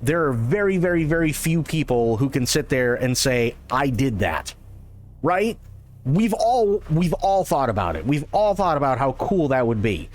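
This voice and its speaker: A man's voice: on the high side, sing-song, moderate pace, darkish tone. A man ranting profanely in casual live-stream chat.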